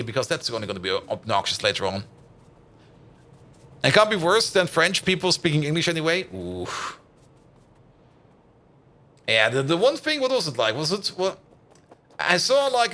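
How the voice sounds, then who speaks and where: Thinking aloud while he builds, a man answers his chat in loose, rambling commentary peppered with "like" and "uh." He speaks a little high, and his voice comes across pushed and bright.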